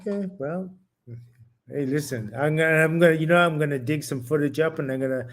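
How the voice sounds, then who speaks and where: Laid-back man with a slightly high voice. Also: brisk, a bit bright. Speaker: podcast co-host. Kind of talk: casual boxing chat.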